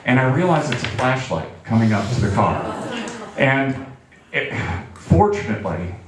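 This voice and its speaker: A man's voice: mid-range voice, moderate pace. A man telling a funny personal story to a live audience and acting out the quotes. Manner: animated, acts out quotes. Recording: very echoey barn with faint noise.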